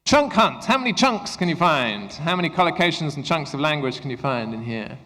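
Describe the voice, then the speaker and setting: A man presenting an interactive workshop for English teachers, upbeat and encouraging as he gives quick instructions. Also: a little high, very animated, pushed and bright. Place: conference room at a university. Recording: echoey hall with long reverb.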